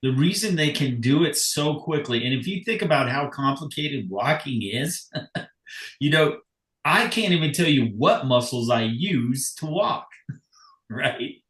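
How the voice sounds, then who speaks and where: A man who is a coach, talking casually and warmly and laughing as he speaks. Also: medium pitch, expressive, measured pace. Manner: warm, laughs while talking. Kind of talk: casual chat. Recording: roomy echo.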